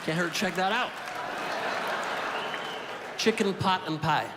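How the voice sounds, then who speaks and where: A man doing stand-up storytelling, with a deadpan delivery and quick punchlines, on a stage mic in a club. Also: sits high. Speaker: stand-up comedian. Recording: echoey hall with crowd and noise.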